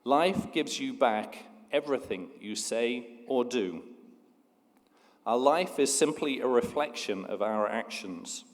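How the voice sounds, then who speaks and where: A man voicing a wise father gently explaining a lesson to his son, heard with long hall reverb. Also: mid-range voice, animated, takes it slowly. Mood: wise, gentle.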